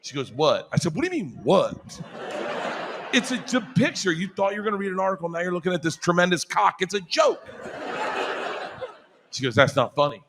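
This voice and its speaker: A man telling a stand-up story, laughing as he goes and shouting the punchlines. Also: sits high, big pitch swings, brisk, vocal fry, pauses often, slight background noise. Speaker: stand-up comedian.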